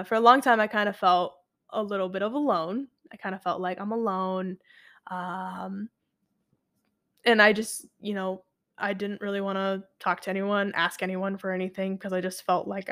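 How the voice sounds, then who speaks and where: A woman's voice: medium pitch, a bit bright. A woman in her twenties, a college student talking through her year in a casual, rambling monologue full of fillers and self-corrections.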